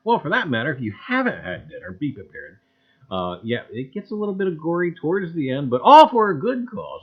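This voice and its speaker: Folksy livestream host, man, lively up-and-down voice, loud cheery hellos, dull lo-fi audio. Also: high-pitched. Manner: folksy, repeats catchphrases, loud cheerful greetings. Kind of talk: livestream chat greeting viewers. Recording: dull lo-fi sound.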